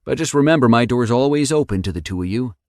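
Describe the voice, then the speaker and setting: A big, hearty rural man with a folksy drawl, as a man puts him on. He speaks a little above the reader's low natural voice. The recording is dry and close. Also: animated, quick pace, no room sound, close to an everyday voice. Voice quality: drawling country talk. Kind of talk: audiobook character voice.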